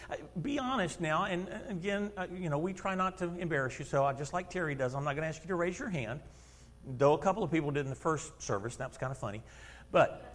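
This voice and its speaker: A man in his fifties preaching a sermon in a church, telling stories in an animated way, acting out quotes and laughing often. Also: high voice. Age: 50s. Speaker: lay preacher and schoolteacher. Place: church sanctuary. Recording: long reverb of a church hall.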